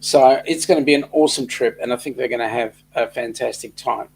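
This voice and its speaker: A man's voice: mid-range voice, fairly quick, slight background noise. Chatty Australian man co-hosting. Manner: chatty, reads out viewer comments, joking. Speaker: co-host of a cruise chat livestream. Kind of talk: casual chat.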